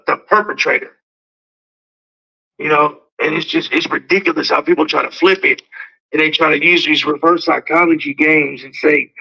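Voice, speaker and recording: A man with a high-pitched, gravelly voice talks in a loose, rambling way, repeating words as he restarts his thoughts. His tone is strikingly bright and cutting. The audio sounds muffled and lo-fi. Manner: repetitive, restarts, acts out quoted exchanges. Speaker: dog breeder. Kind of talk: casual talk. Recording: dull lo-fi audio.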